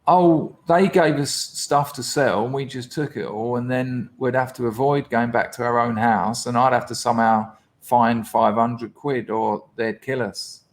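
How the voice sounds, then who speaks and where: A man's voice: medium pitch, fairly even intonation, measured pace, hardly any pauses. Guy on a podcast, blunt and sweary, does the voices of people in his stories. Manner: blunt, sweary storytelling, acts out quoted voices. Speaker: podcast guest. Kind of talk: candid storytelling interview.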